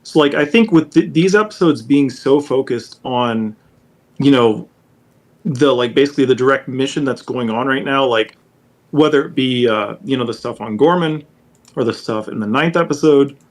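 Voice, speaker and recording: A man's voice: mid-range voice, normal speed. A man co-hosting a podcast, rambling through his points with lots of "you know" and "um". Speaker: podcast co-host. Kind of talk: casual podcast discussion.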